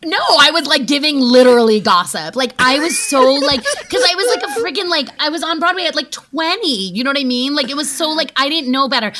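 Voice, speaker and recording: A woman in her forties telling stories as an interview guest, chatty and quick, full of "like"s and acted-out quotes. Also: high voice, expressive, background noise. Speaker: guest actress. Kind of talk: casual interview storytelling.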